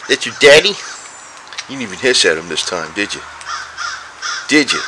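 A man with a fairly low voice rambles casually while filming cats on a handheld camera, chuckling between remarks. When he turns to the cats, his voice goes high and coaxing. The outdoor recording is noisy, with birds and traffic clearly audible behind him. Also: animated, fairly quick. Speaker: vlogger. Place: outdoors near steps.

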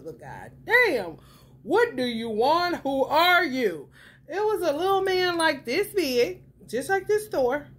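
Animated, profane woman, fairly high voice. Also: unhurried. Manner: animated, profane, swings into excited high-pitched retellings with laughter. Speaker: tarot reader. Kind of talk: casual spiritual chat to viewers.

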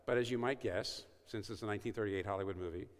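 In a reverberant hall at a university event, a man with a lower voice moves at a quick pace through an evangelistic talk, telling stories and performing the lines he quotes.

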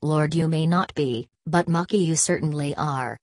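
A woman's voice: deep voice, normal speed, a little mellow, dry recording, studio quality. A woman voicing a stern, sarcastic male factory gatekeeper who talks with scorn.

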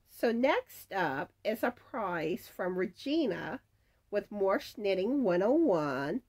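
A woman hosting a crafting channel, chatting casually as she reads out giveaway winners and their comments. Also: mid-range voice. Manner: chatty, reads comments aloud, stumbles over names. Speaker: crochet channel host announcing giveaway winners. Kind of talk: casual chat.

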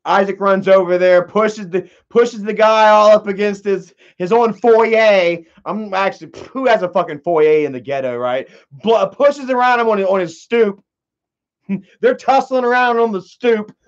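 A man's voice: high-pitched, measured pace. A young man giving casual, rambling commentary that is profane and full of laughs. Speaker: commentary vlogger. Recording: dull lo-fi audio.

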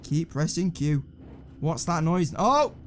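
A man's voice: a little high, very animated, takes it slowly, a little hiss or hum. A man giving jumpy, sarcastic, swearing commentary while playing a horror video game. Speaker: gaming channel host.

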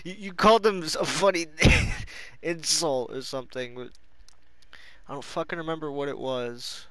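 A young man chatting casually with a friend, giggling constantly, swearing freely and breaking into loud laughing shouts. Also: on the high side, a little slow. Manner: crude, swears a lot.

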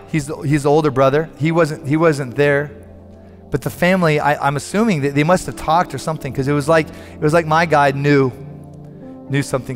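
A male pastor delivering a sermon, earnest and often stumbling over repeated words as he gathers momentum. His voice is fairly high for a man. It rings out with long hall reverb, and faint music plays underneath. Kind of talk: sermon storytelling.

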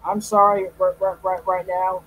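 A man's voice: sits high, completely flat delivery, moderate pace, narrow, tinny audio. A man talking casually in his own video, stuttering and repeating his words. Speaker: YouTuber in a played clip. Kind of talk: casual vlog talk.

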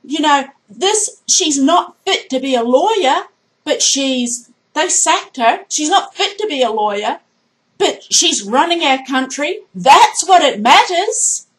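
A woman's voice: high voice, lively intonation, slow, a bit bright, rough recording. A woman vlogging a heated political rant, indignant and emphatic, hammering her points by repeating them. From Australia.

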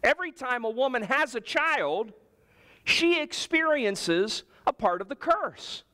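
A man preaching a sermon as pastor, telling personal stories with humor in an animated way. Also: very high voice, a little slow. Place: church.

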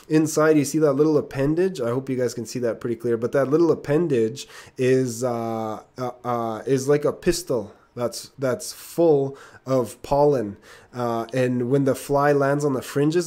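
A man teaching an online lesson on plants in a casual, halting way, with many fillers, restarts and laughs. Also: mid-range voice, dark tone. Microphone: computer mic.

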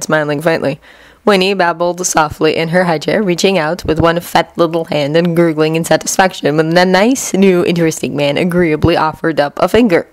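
A woman reading a fanfiction story aloud as narrator, in an even, measured way. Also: sits low, no room sound, low-quality recording. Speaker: fanfiction reader.

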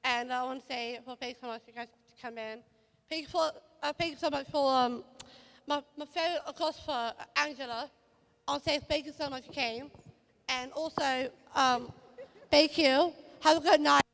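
A woman with a high voice gives a halting, heartfelt thank-you speech, emotional and near tears. She stops often to search for her words. A long reverb from the hall trails after each phrase. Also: a bit bright. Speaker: model. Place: event hall.

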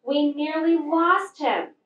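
A woman's voice: sits high, takes it slowly, a little hiss or hum, pitched above the performer's own voice. A woman voicing a cheerful young male bear cub who exclaims a lot, in a storybook read-aloud. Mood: excited. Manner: excited, exclaiming. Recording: echoey room from far off.

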